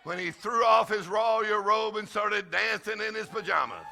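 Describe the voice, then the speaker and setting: An older man giving an exuberant sermon as guest preacher, shouting and laughing loudly. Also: high-pitched, normal speed, gravelly, hardly any pauses, some chatter behind, a little hiss or hum. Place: church service.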